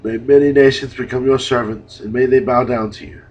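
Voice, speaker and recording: Man voicing an aged patriarch, solemn and slow, husky voice, dull lo-fi sound. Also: mid-range voice, steady tone, darkish tone, lightly acted. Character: aged male patriarch blessing his sons. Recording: dull lo-fi recording.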